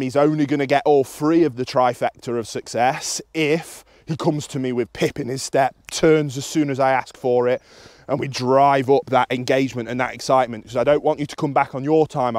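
A British man with an everyday middle pitch talks through dog training in a calm, instructive way. His voice is dry and close, with little room sound around it. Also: moderate pace, dry recording. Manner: calm and instructive, with high excited praise to the dog. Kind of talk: explaining to camera while training outdoors.

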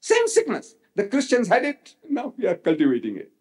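Older male lecturer, lively, high-leaning voice, rhetorical. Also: fairly quick. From South Africa. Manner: animated, rhetorical, quotes others in acted voices. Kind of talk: public religious lecture. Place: lecture hall.

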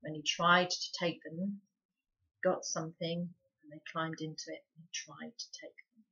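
A woman reads a children's book chapter aloud for a book club. Her voice is bright and expressive, leaning into the drama of the story. The sound is dull and lo-fi. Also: low-pitched, unhurried, slightly rough. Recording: dull lo-fi recording.

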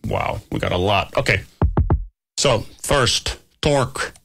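Male producer, gravelly low voice, slow and scattered, swears a lot, self-mocking, livestream chat over faint music. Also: wildly swooping pitch, fairly bright tone. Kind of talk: casual livestream talk while working.

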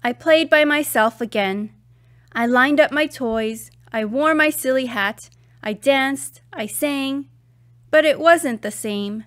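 A woman reading a children's picture book aloud, telling the story in an expressive, clear way. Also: high voice, takes it slowly.

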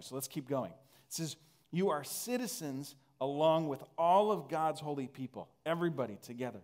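A man's voice: on the high side, animated, moderate pace, a little mellow. A man from northern Canada preaching a conversational sermon, earnest and full of restarts. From northern Alberta, Canada. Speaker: pastor.

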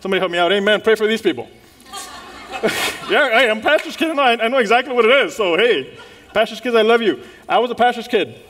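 Male pastor, high-pitched, animated preacher who laughs along with his congregation. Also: fast talker. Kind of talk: sermon.

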